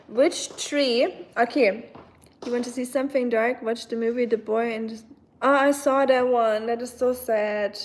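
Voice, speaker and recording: A woman's voice: on the high side, fairly even intonation, unhurried. A young woman from Germany, casually chatting and answering her live chat as a streamer, with lots of fillers. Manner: chatty, reads chat aloud, many fillers. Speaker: livestream host.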